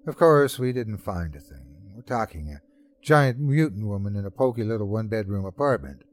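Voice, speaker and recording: A man's voice: lowish voice, expressive, moderate pace. A man hosting and narrating a horror story in a scripted, dramatic storytelling way. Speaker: host and narrator.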